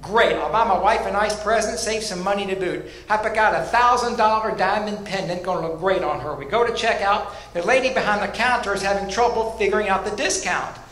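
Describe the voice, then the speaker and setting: High-voiced comic in echoey club. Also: male voice. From Louisville, Kentucky. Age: middle-aged. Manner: deadpan storytelling with punchline pauses. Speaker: stand-up comedian. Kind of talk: stand-up comedy set. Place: comedy club stage. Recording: echoey room with faint ambience.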